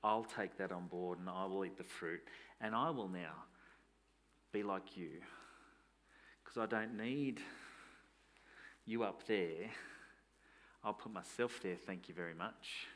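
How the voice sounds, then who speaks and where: A preacher acting out humanity's smug reply to God, with his voice dropped low and quiet. Sarcastic and dismissive throughout. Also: takes it slowly, pauses often. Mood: defiant. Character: defiant humanity brushing off God, smug adult.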